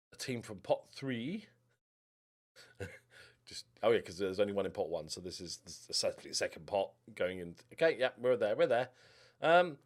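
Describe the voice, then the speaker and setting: A young man commentating casually over a football management game, rambling and muttering to himself. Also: medium pitch. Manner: rambling, mutters to himself, lively ups and downs. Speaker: gaming YouTuber.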